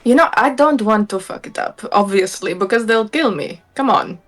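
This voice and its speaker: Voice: mid-range voice, expressive, moderate pace, a bit bright, faint music behind, close to an everyday voice. A player voicing a young male rogue who fakes a drawling cowboy accent, cocky and teasing.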